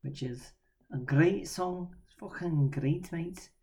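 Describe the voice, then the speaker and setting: A man's voice: on the high side, slow pace, darkish tone. A man, co-hosting a podcast in laid-back casual chat, swearing now and then. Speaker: podcast co-host.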